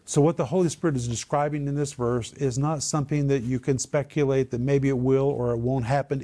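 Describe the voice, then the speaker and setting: A man's voice: medium pitch, fairly even intonation, fairly quick, hardly any pauses, dark tone. A man teaching on Bible verses and word meanings, growing emphatic on key points. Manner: emphatic, builds to a raised voice on key words.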